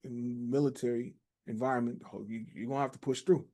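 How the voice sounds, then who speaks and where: A man's voice: mid-range voice, fairly even intonation, a little fast, dark tone. A man hosting an interview, affirming and thoughtful, with a coaching tone. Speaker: host. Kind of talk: interview conversation.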